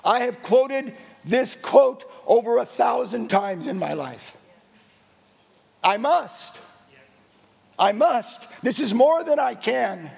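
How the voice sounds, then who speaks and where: A man's voice: extremely high pitch, animated, slow, vocal fry, a little mellow, breathy edge, in a large hall. A man preaching a sermon as pastor, with an emphatic, repetitive cadence.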